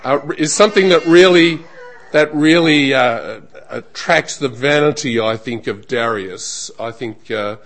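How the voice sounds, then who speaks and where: Slow, measured male preacher. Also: mid-range voice, fairly bright tone. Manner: measured, emphatic preaching with falling, trailing phrase ends. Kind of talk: sermon.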